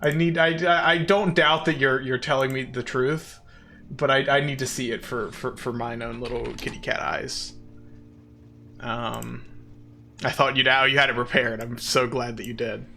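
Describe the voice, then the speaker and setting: A man's voice: medium pitch, fairly even intonation, moderate pace, sharp tone. A man chatting casually with viewers on a live stream, playful and giggly, poking fun at himself. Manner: self-deprecating.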